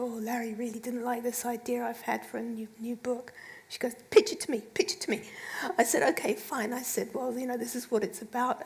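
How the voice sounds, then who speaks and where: A woman author on a live festival panel, telling an anecdote and acting out the dialogue. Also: fairly high pitch. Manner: lively storyteller, acts out dialogue. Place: live event stage.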